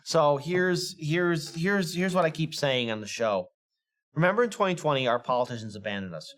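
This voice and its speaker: A man hosting a political commentary show, heated and mocking, often rising to near shouts. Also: fairly high pitch, expressive, moderate pace. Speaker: podcast host.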